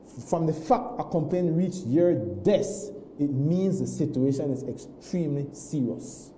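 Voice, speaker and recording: A man with a very dark, mellow voice tells a story in an animated way, doubling back on his words. He sits a little above the usual male pitch, and the studio around him is roomy and echoey. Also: measured pace, slight background noise. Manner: animated, repeats himself, many restarts. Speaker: guest. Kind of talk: casual storytelling on a morning show.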